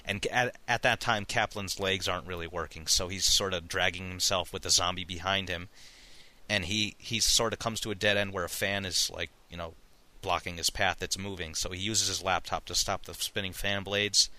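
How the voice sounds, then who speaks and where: A man on a podcast retelling a story in casual chat, rambling and halting with lots of fillers. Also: low-pitched, steady tone, bright, forceful tone. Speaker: podcast co-host recapping a story.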